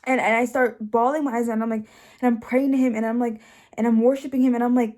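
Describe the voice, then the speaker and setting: A young woman with a fairly high, steady, slightly mellow voice talks quickly as she shares her personal testimony. She's the host, speaking casually and earnestly, with lots of fillers and restarts.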